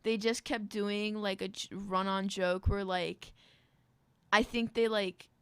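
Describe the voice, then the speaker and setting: A woman co-hosting a casual comedy chat, excitable and full of fillers. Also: medium pitch, slow, smooth, no room sound.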